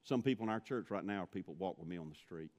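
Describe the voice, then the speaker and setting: Deep-voiced preacher in a reverberant hall. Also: male voice, expressive, fast talker, darkish tone. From Mississippi. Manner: storytelling, rising to impassioned pleading. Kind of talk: sermon.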